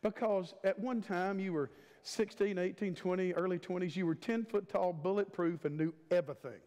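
High-voiced preacher man in his fifties. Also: normal speed, warm tone. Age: 50s. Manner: emphatic, repetitive preaching cadence with stretched words. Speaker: guest preacher. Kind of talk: sermon. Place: church sanctuary. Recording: long church hall reverb.

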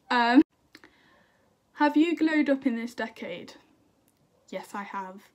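A woman's voice: on the high side, darkish tone. A young woman chatting to camera in a bubbly, self-deprecating way, answering viewer questions. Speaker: singer and YouTuber. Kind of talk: casual chat to camera.

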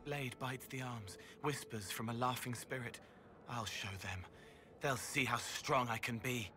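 An actor playing an angry young male elf mage in a video game, with a high-pitched, nerdy voice. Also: a little slow, sharp tone. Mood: vengeful.

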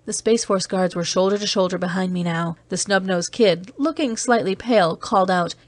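Woman narrating a weary, seasoned off-world agent; measured storytelling, dry close sound. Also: medium pitch, dry recording, close to an everyday voice. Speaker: audiobook reader. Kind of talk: scripted narration.

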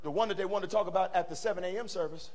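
A male pastor preaching a sermon in a church, animated and swinging from quiet talk to shouting. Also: high voice, rapid-fire. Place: church sanctuary.

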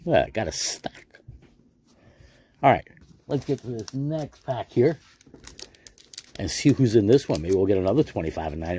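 This middle-aged American YouTuber speaks in a fairly low, dark, expressive voice at a normal speed, leaving long pauses, with slight background noise. He opens card packs while chatting casually, cracking jokes, and repeating his words.

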